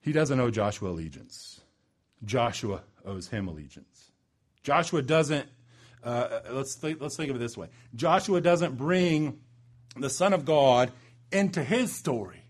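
Dramatic male preacher. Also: lively intonation. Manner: dramatic swings in pitch and loudness, slows for emphasis. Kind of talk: sermon.

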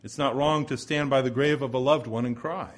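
A man preaching an expository sermon, moving between forceful emphasis and hushed, slow pauses. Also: medium pitch, steady tone. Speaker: pastor.

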